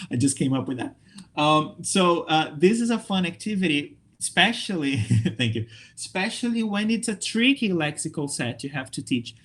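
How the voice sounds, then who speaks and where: A man from Brazil leads an online training session for English teachers over a computer mic. His voice sits a little higher than most men's, and he keeps it upbeat and lively, checking in with his listeners again and again. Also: moderate pace. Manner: lively, upbeat, checks in with frequent okay and right.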